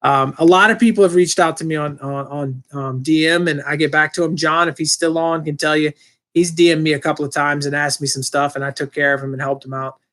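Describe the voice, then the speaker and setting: A man's voice: on the high side, fairly quick. Rambling man chatting on a live stream. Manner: rambling, relaxed, with many fillers and restarts. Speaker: channel host answering live chat. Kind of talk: casual live-stream chat.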